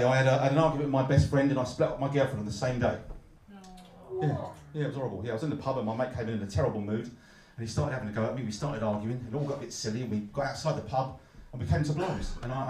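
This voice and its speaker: A man from London with a Cockney accent, performing a stand-up comedy set with a deadpan, mock-glum delivery and punchlines he pushes up loud. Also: medium pitch, distant mic. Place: comedy club stage. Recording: echoey club, heard from afar. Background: audience laughter.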